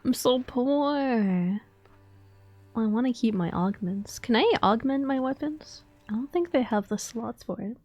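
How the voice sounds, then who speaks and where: A woman's voice: on the high side, moderate pace, hardly any pauses, a little mellow, soft background music. A woman streaming a game, chatting playfully and rambling as she plays. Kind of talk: casual gameplay chat.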